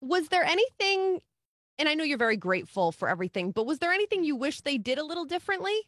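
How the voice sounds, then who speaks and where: Brief: woman host, fairly high voice, dry close recording, playful questioner. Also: sing-song, fast, fairly bright tone, dry recording. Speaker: interview host. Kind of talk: casual interview.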